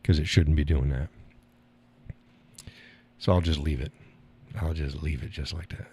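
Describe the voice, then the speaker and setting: A man's voice: a bass voice, fairly even intonation, unhurried, mellow, slightly rough. A man hosting a live stream, chatting casually and answering his viewers with frequent laughs. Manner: rambling, laughs often, reads and answers chat.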